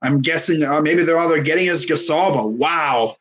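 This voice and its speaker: A young man casually commenting on a live sports stream, excitable and rambling. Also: on the high side, normal speed, low-quality recording. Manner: excitable, rambling, laughs often.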